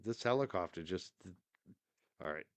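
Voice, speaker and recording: A man's voice: deep voice, lively intonation, moderate pace, no room sound. A man hosting a live stream, giving rambling, opinionated commentary with frequent restarts and fillers. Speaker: show host.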